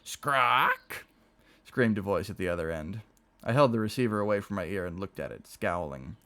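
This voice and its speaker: A man reading a novel aloud on a stream, with expressive storytelling delivery. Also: low-pitched, brisk, background noise.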